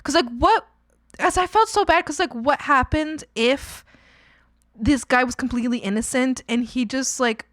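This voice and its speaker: A woman's voice: sits high, normal speed, fairly bright tone, no room sound, studio quality. A young woman streamer telling her chat a story in a rambling way, full of "like" and restarts.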